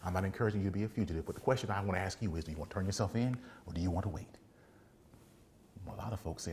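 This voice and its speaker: A man, a defense attorney, giving a casual motivational faith talk, animated, laughing often and acting out little scenes. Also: low-pitched, racing, a little hiss or hum.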